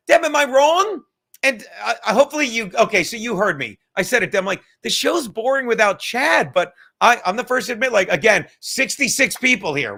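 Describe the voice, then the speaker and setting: A man's voice: sits high, pushed and bright. A tired man hosting a casual live stream from home, rambling and swearing, with joking asides to the chat. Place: home room.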